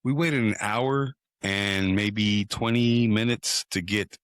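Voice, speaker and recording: Swearing freely and voicing the people in his tale, a podcast co-host spins a long, animated story in a casual conversation. His voice is lowish, smooth, and slow, recorded with no room sound.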